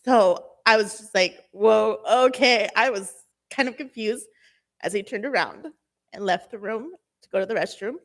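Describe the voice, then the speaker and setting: A young woman with a Southern Californian accent giving a nervous, emotional public comment at a city meeting, halting and full of fillers. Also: medium pitch, fairly bright tone.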